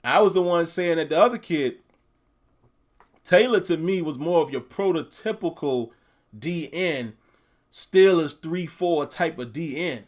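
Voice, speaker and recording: A man's voice: fairly high pitch, a little slow. A man hosting a call-in fan podcast, talking casually and chatting to his listeners. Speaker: podcast host.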